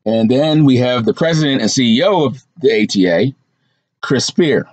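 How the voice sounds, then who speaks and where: A man's voice: medium pitch, expressive, moderate pace, darkish tone, a little hiss or hum. A man hosting a trucking channel, talking casually through a list from his notes with asides and fillers. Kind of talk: casual commentary vlog.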